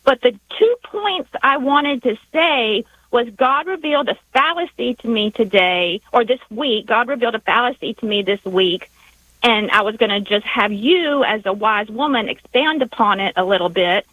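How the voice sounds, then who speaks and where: A woman with a Southern US accent calling in to a radio show, speaking in a halting, heartfelt way with many restarts. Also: fairly high pitch, expressive, a bit bright, dry recording. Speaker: radio caller. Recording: dull phone line.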